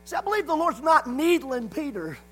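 Brisk, pushed and bright, this preacher's extremely high voice swings widely in pitch, and the recording is rough. He hammers his sermon points through repetition, with "amen" called out again and again.

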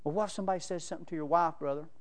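A man's voice: on the high side, steady tone, rapid-fire. A man preaching a sermon, telling folksy stories and laughing between them. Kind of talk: sermon with storytelling.

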